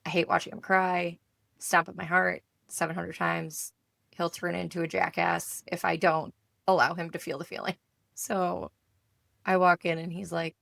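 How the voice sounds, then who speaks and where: Woman in her 30s, podcast co-host, casual storyteller, low and gravelly, dry close sound. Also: normal speed, no echo. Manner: animated storytelling, acting out her kids' voices. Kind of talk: casual chat.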